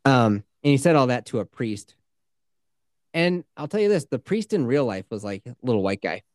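A man's voice: medium pitch, normal speed, dry recording. A man in his thirties chats casually as a co-host. He tells stories with plenty of swearing and acts out little quotes as he goes. The sound is dry and close, with no room around it. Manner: profane, animated storytelling with acted-out quotes. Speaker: podcast co-host. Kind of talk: casual chat.

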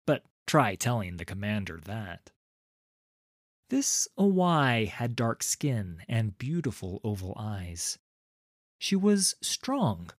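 A man reading a fantasy story aloud as narrator, in a lively, unhurried way. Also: lowish voice, dry recording, clean studio sound.

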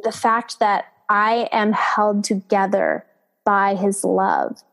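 A woman's voice: medium pitch, animated, takes it slowly, gravelly, a bit bright. A woman co-hosting a casual faith podcast, speaking in a reflective, earnest way about presence and love.

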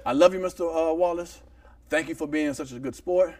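A man hosting a casual comedy talk show, telling jokes with lively acted-out voices. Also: on the high side, a little fast, far from the mic. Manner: animated joke-telling with shouted voices and laughs. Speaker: host.

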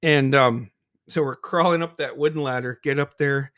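A man's voice: medium pitch, steady tone, moderate pace, a bit bright, no echo, clean studio sound. A man telling a childhood story in casual chat, swearing freely, laughing often and acting out his friends' voices. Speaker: podcast co-host.

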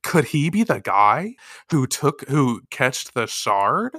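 A woman's voice: rumbling low, very animated, slow, fairly bright tone, husky, dry recording, clean studio sound. A woman in her late twenties hosting a podcast, reading a comic aloud with sarcastic commentary, laughing and swearing often. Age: late 20s. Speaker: podcast host.

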